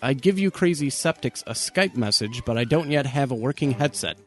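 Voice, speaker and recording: Animated man reading listener mail. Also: medium pitch, fairly quick, faint music behind. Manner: animated, reads messages aloud with mock emphasis. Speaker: podcast co-host reading listener messages. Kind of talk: casual comedic podcast banter.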